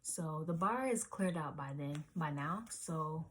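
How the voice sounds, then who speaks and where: A vlogger in her twenties with a low, husky voice tells a rambling storytime tale at an unhurried pace, her intonation lively. She fills it with "like" and "um" and sometimes drops to a whisper.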